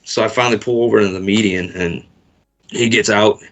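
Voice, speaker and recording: Gravelly, profane man telling a story. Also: lowish voice, fairly even intonation, brisk, a bit bright. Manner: profane, rambling, laid-back storytelling. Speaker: interview guest. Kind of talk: casual storytelling.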